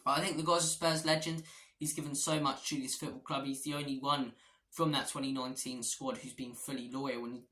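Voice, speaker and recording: Male fan vlogger, passionate and opinionated, bright voice, recorded in an echoey room. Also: medium pitch, little pitch movement, brisk. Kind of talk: opinionated match preview.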